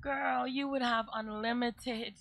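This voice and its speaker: A woman's voice: a little high, fairly even intonation, slow, creaky, a bit bright, no room sound. A woman from Jamaica co-hosting a talk show, making wry, joking asides in casual chat.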